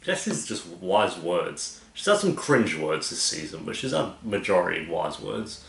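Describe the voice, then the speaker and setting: A man's voice: sits low, sing-song, creaky, a bit bright, roomy sound. A man hosting a TV reaction, chatting casually and mocking what he watches. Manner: sarcastic, chatty, quick to mock. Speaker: TV reaction host.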